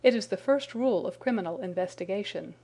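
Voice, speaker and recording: Woman reading a sharp confident victorian detective, precise and crisp, storybook read. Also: mid-range voice, fast talker, lightly acted.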